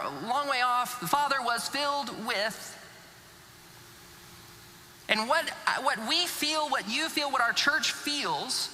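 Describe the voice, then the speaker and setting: Animated pastor preaching in a reverberant church. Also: male voice, very high-pitched. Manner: lively storytelling, acting out characters with sarcasm. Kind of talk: sermon. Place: church sanctuary.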